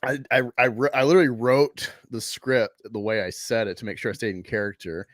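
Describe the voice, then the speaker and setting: A man's voice: mid-range voice, steady tone, brisk, dry recording. A man hosting a casual podcast chat, talking in a joking and sarcastic way. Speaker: podcast host. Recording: dry close mic.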